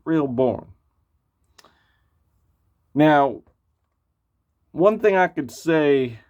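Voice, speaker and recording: Blunt man with a muffled lo-fi sound. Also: on the high side. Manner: blunt, profane, rambling with many fillers. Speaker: album reviewer. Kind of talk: casual spoken album review. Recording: muffled lo-fi recording.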